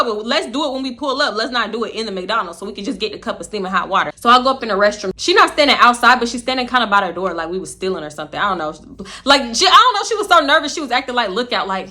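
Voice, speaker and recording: A woman from Houston, telling a story to the camera. Her voice is bright and forward, and she jumps into high, loud quoted lines before dropping back low. She swears freely and laughs as she goes. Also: lively intonation, rapid-fire. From Houston, Texas. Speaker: storytime vlogger. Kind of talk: casual storytelling.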